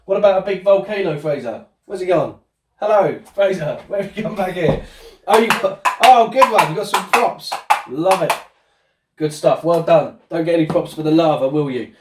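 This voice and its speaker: A man's voice: fairly high pitch, normal speed, slight background noise. A man giving a home-school lesson with a child, asking coaxing questions in a cheerful way. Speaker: presenter. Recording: roomy sound from a distance.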